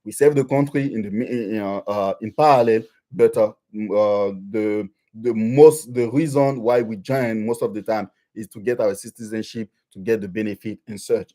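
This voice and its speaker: A man from Benin with a low-ish, dark voice hosts a live Q&A stream, speaking French-accented English. He gives advice haltingly, with many restarts and fillers, captured on a livestream webcam.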